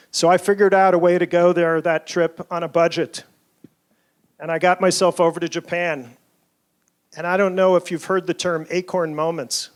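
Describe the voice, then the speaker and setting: High-voiced man giving a keynote. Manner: earnest storytelling, measured. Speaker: keynote speaker, toy inventor. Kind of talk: keynote speech. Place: conference hall.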